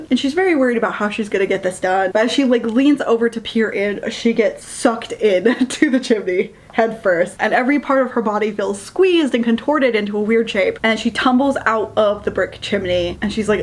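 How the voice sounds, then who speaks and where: A fairly high-voiced woman reviews a book in a casual, chatty retelling. She laughs often and slips into acted-out quotes as she goes. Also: moderate pace.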